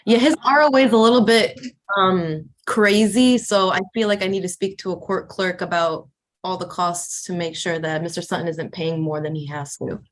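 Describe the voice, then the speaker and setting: A woman's voice: on the low side, normal speed. A woman defense attorney speaking politely and apologetically over a video call, asking the court for clarification. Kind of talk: courtroom exchange.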